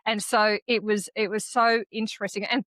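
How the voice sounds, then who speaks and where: An Australian woman chats on a podcast in a candid, animated way and tells stories with the odd swear word. Her voice sits mid-range, and the recording is close and dry with no room sound. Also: medium pitch, normal speed, no echo. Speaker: podcast co-host. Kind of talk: casual conversational chat.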